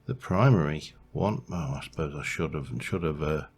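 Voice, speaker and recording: A man's voice: a bass voice, moderate pace, slightly rough. A man thinking aloud as he narrates his building game, rambling and humming to himself as he works. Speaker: let's play host. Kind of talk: gameplay commentary.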